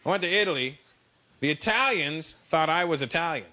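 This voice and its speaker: A man doing stand-up comedy, animated and loud as he acts out characters. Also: fairly high pitch, brisk, slight background noise. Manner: animated, loud, mimicking voices. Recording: live show with loud crowd.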